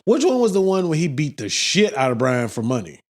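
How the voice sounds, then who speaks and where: Male podcast co-host, high voice, very animated swoops, teasing banter, quick laugh. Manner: teasing, laughs easily, swings wide in pitch. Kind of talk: casual chat.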